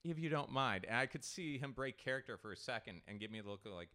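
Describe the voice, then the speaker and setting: Smooth-voiced man telling animated stories. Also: on the low side, fast. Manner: animated storyteller who swears freely and acts out quotes. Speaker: podcast host. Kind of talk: casual chat.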